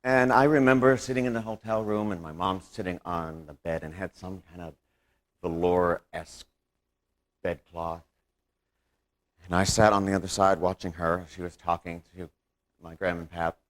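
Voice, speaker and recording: A man performing a one-man stage monologue, theatrical, swinging between loud outbursts and hushed recollection. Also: deep voice, fairly even intonation, moderate pace.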